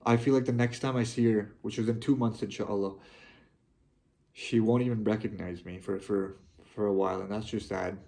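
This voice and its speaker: A young man talking to his viewers, heartfelt and halting, often restarting his sentences. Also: fairly low pitch, steady tone, vocal fry, dark tone. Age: young adult. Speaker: vlogger. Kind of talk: personal reflective monologue.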